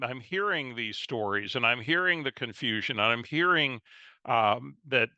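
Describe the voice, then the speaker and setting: A man gives an energetic live webinar as a real estate coach, chatting and answering his audience's comments. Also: medium pitch, no echo, lo-fi sound. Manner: energetic, chatty, reads audience chat aloud.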